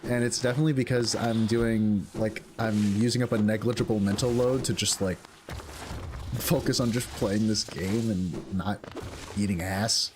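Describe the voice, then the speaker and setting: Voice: mid-range voice, steady tone, moderate pace, background noise. A game streamer chatting casually while playing, rambling and self-deprecating with lots of fillers. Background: music.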